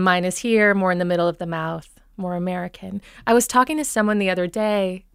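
A woman from Minnesota talks through accent coaching in a calm, explanatory way, pausing on thoughtful ums. Her voice is smooth and clear. The sound is dry and close. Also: mid-range voice, no echo. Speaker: dialect coach. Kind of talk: conversational interview.

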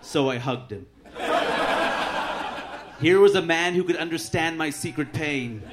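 Male stand-up comic, dry deadpan delivery, slightly high voice, live club recording with clear crowd noise. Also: measured pace. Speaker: stand-up comedian. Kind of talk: stand-up set. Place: comedy club stage with audience laughter.

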